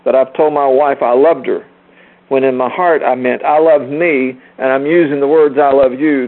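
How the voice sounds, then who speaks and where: A man in his sixties teaching a group on a phone call, earnest and emphatic, repeating key phrases for weight. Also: fairly high pitch. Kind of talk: informal teaching talk. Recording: tinny phone line.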